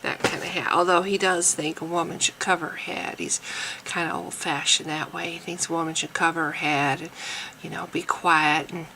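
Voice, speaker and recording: A woman voicing a naive, devoted woman eager to please her man, in a strained put-on Southern accent, halting and hesitant with breathy sighs. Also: sharp tone, a little hiss or hum, low-quality recording. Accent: put-on, strained Southern American. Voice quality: gravelly, lowish voice. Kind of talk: satirical character monologue.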